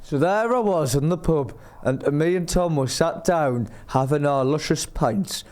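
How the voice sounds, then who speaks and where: A man's voice: fairly high pitch, a little slow, darkish tone. A young man, rambling through a self-mocking story as a podcast co-host. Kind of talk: casual storytelling chat.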